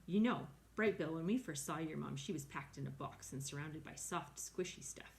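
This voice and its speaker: A woman's voice: low voice, normal speed, creaky. A woman voicing a friendly, chatty female otter in a cheerful manner, with faint background noise.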